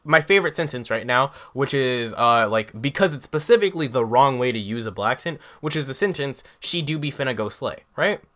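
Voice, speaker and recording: A man's voice: medium pitch, a bit bright. A man co-hosting a casual podcast chat, emphatic and profane as he makes his point. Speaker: podcast co-host.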